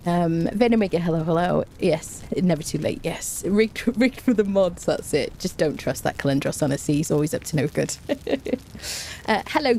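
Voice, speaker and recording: A woman's voice: lowish voice, mellow, slight background noise. Chatty woman streamer. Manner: chatty, greets viewers one by one, quick laughs. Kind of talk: casual livestream chat.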